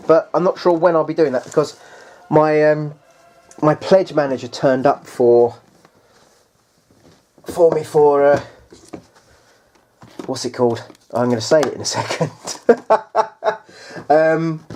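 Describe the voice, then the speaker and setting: A man's voice: medium pitch, warm tone. A man chatting casually through a tabletop game unboxing. He rambles and hesitates, restarts often, and keeps addressing the viewers as guys.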